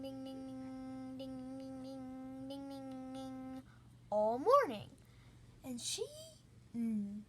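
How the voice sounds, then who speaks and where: A woman's voice: on the high side, slight background noise. A woman hosting a storytime channel, recounting a story in a rambling, casual way with lots of "like". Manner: rambling, heavy use of "like".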